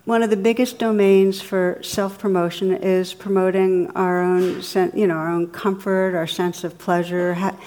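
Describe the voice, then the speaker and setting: Woman giving a gentle dharma talk. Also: fairly low pitch, flat delivery, normal speed, few pauses. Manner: warm storytelling, laughs at her own jokes. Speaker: meditation teacher. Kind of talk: dharma talk with humorous stories. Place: meditation hall with audience.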